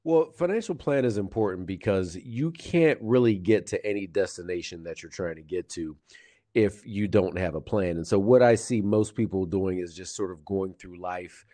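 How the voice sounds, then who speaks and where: Mellow-voiced man calmly explaining finances. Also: low voice. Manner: measured, steady, with fillers and restarts. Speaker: guest financial advisor. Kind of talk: explanatory interview answers.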